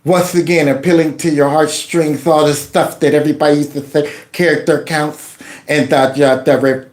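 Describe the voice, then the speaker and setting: A man hosts his own commentary show, reacting to clips with animated sarcasm. His voice sits high for a man. It rings around a roomy, echoing space. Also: moderate pace. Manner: animated, sarcastic, mocks others in put-on voices. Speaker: host reacting to news clips. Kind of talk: opinionated commentary. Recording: roomy echo.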